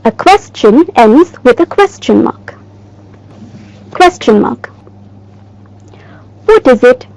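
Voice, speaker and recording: Lady teacher, slow clear lesson, repeats stuff for kids. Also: sits high, sing-song, a little mellow, rough recording. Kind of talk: recorded classroom lesson.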